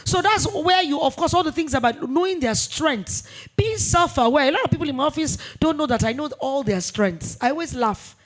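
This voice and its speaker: A woman in her forties, a business founder talking in a fireside chat interview, emphatic and animated, repeating points for weight. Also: high voice, a little fast. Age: 40s. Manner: emphatic, animated storytelling with repetitions.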